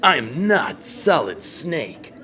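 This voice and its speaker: A man putting on the voice of a gruff, deadly serious male soldier spy, gravelly like a heavy smoker. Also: fairly high pitch, very animated, takes it slowly, bright, forceful tone, full character voice. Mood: brooding.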